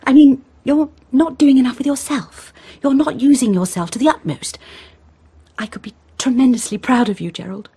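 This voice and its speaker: A woman's voice: high-pitched, normal speed, mellow, husky, exaggerated voice. An actress playing Madge, an earnest, idealistic young woman urging a friend on, in a radio play. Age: young adult.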